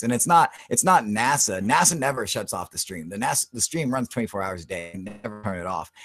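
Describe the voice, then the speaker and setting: A man's voice: medium pitch, fairly bright tone, no echo. A man hosting a live stream in loose, heavily profane casual chat, talking through what he is doing on his computer.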